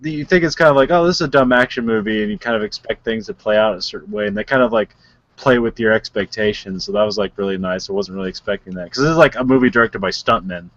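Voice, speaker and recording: A man's voice: fairly low pitch, quick pace, fairly bright tone, dry recording, dull audio. Rambling man chatting, dry close sound. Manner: rambling, heavy on "like" fillers, laughs often. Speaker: podcast co-host. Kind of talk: casual chat.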